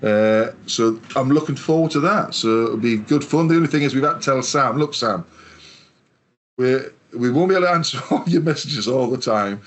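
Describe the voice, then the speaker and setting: Bloke from england rambling on a podcast, swears a lot, mid pitch. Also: male voice, expressive, normal speed. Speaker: podcast co-host. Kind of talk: casual chat.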